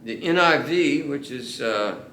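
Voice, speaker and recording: Earnest male pastor mid-sermon, drawn-out emphasis; reverberant church sound. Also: medium pitch, lively intonation, pushed and bright, slight background noise. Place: church sanctuary. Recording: echoey church room.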